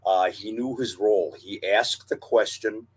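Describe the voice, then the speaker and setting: A man co-hosting a casual podcast chat, recalling old times in a measured, knowledgeable way. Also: fairly low pitch, husky. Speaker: co-host and former wrestling announcer.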